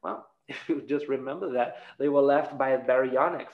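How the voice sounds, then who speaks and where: A man hosting a casual podcast, chatty and laughing often, with lively asides. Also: mid-range voice, moderate pace. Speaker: podcast host. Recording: roomy, dull lo-fi sound.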